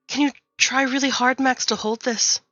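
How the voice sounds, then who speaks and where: A woman's voice: high voice, fairly even intonation, normal speed, a bit bright, dry recording, highs cut off. A woman player speaking for her character in a tabletop role-playing game, in a courteous, in-character way.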